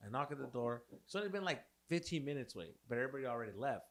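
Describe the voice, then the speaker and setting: A man's voice: mid-range voice, expressive, racing, a bit bright. A young man co-hosting a podcast, telling a long profane story in casual chat and mixing in Spanish slang. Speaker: podcast co-host.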